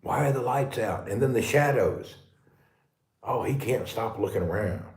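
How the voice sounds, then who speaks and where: A man live streaming casually from his dark house during a power cut, talking to viewers and calling out high and loud to his pet. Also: animated, moderate pace. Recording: echoey room.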